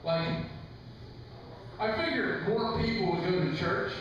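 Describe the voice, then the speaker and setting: A man's voice: on the high side, measured pace, long pauses, lo-fi sound. A man doing a stand-up routine in a loose, conversational way, full of fillers and acted-out quotes. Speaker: stand-up comedian. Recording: echoey room from far off, noisy.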